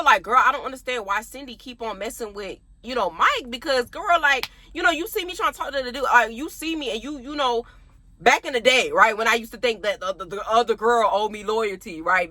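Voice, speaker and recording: Bright-voiced young woman telling a story. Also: a little high, dry recording. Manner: animated, talks straight to viewers. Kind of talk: casual storytime chat.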